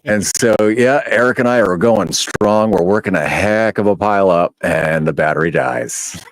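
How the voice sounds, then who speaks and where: A man's voice: deep voice, moderate pace, poor audio. A man co-hosting a podcast, casually telling a self-deprecating story about a mishap. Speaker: podcast co-host.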